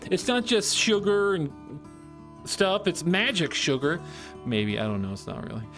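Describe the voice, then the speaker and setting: A man's voice: sits high, lively intonation, normal speed, music in the background. A man chatting playfully with his live-stream chat, joking and drawing as he talks. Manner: playful and goofy, jokes with chat.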